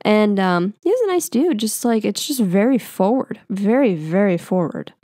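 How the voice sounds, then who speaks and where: A woman's voice: mid-range voice, lively intonation, moderate pace, warm tone, dry recording, studio quality. A young woman hosting a podcast, telling a story in a chatty way with swearing and lots of fillers. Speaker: podcast host. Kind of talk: casual storytelling.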